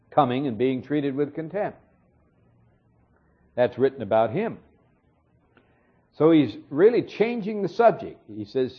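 A man gives a verse-by-verse sermon, calm and explanatory, now and then pausing on a filler. His voice is husky, and his pitch moves a lot through each sentence. The recording sounds dull and lo-fi. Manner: measured, explanatory, with occasional fillers. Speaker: Bible teacher. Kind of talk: expository sermon.

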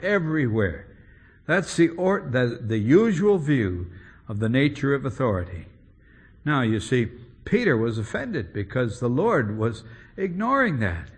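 Brief: male preacher, husky and unhurried, emphatic, asks rhetorical questions. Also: medium pitch. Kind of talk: expository sermon.

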